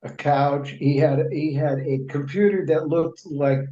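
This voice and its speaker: Warm-voiced man telling rambling anecdotes. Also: fairly high pitch, fairly even intonation, unhurried. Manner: rambling anecdotes with frequent restarts and fillers; acts out other people's remarks in quoted speech. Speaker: interview guest, writer and journalist. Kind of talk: conversational storytelling in an interview. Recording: echoey room, dull lo-fi sound.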